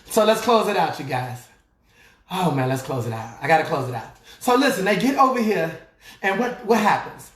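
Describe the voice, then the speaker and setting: A man from Chicago with a Chicago accent, a life coach giving loud, preacher-like motivational coaching with call and response and scripture. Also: high voice, very animated, moderate pace, far from the mic. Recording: echoey room.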